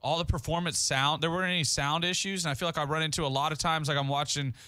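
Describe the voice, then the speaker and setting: Man, podcast co-host, casual rambling chat, bright forward voice, dry close sound. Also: on the high side, fairly even intonation, fast talker, no echo. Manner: rambling, self-interrupting.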